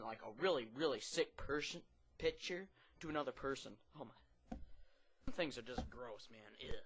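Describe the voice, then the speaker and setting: A man doing a stand-up comedy routine, rambling and excitable, with lots of fillers and restarts. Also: on the high side.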